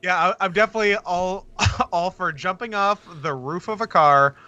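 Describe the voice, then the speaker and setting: A man co-hosting a podcast in casual chat, joking, riffing quickly and laughing often. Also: sits high, sharp tone, clean tone, no echo, dull audio. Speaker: podcast co-host.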